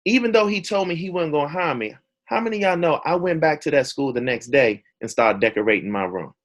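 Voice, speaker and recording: A man's voice: a little high, fairly quick, lo-fi sound. Guy giving a motivational talk, tells it dramatic, voice jumps all over. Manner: animated, dramatic storyteller. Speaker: motivational speaker. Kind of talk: storytelling talk to an audience.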